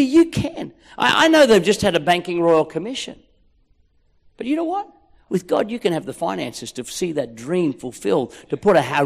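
In a large, echoey hall, an Australian man acting as a pastor preaches a rousing sermon full of jokes. His voice sits high, with a creaky, slightly bright quality.

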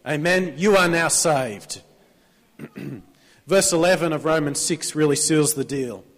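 A man's voice: on the high side, slow, big-room sound. A man with an Australian accent preaching a sermon in a church, talking conversationally, prompting the congregation to answer amen, with a sore throat. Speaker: pastor.

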